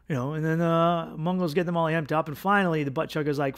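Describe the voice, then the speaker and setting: A man hosting a podcast, telling a rambling, profane comedic monologue and acting out characters in louder, higher bursts. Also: steady tone, moderate pace. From United States. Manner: profane, rambling, acts out gang voices in a louder higher pitch. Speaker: podcast host.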